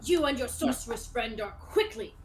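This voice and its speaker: A woman voicing a pompous male skeleton knight who speaks in booming, formal old-fashioned phrases. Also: lively intonation, normal speed, over music. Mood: indignant. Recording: noisy background.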